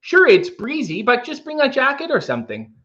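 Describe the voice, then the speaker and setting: A man's voice: very high voice, huge pitch swings, brisk, pushed and bright, lo-fi sound, pitched above the performer's own voice, full character voice. A man doing a friendly, chatty Minnesotan man with a Minnesota accent, singsong and hospitable. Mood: folksy cheerful.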